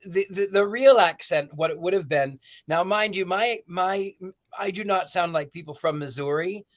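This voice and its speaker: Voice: mid-range voice, normal speed. A panelist on a film discussion stream, explaining a point thoughtfully with a few restarts. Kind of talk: casual chat.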